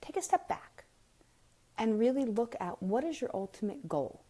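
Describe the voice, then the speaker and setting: A woman's voice: a little high, big pitch swings, moderate pace, warm tone, slightly rough. Blunt woman talking parenting on a live stream. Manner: emphatic, full of rhetorical questions; frank and blunt, addresses viewers directly. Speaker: parenting speaker. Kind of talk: casual live-stream talk.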